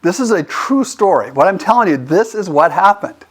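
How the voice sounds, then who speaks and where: A middle-aged man giving a motivational lesson on networking, acting out both sides of the dialogue in an animated way. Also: high-pitched, normal speed. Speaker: leadership teacher and host. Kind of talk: motivational talk.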